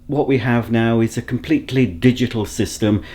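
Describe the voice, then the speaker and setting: Sex: man. Style: casual home vlog, chatty and self-mocking. Pitch: middling. Mic: handheld camera at arm's length. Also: moderate pace, darkish tone. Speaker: vlogger. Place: at home, indoors.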